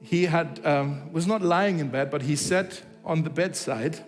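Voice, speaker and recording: A man's voice: fairly high pitch, measured pace, long reverb tail, soft background music. A man preaching a sermon, telling a story and acting out its dialogue, with frequent restarts. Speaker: pastor. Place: church hall.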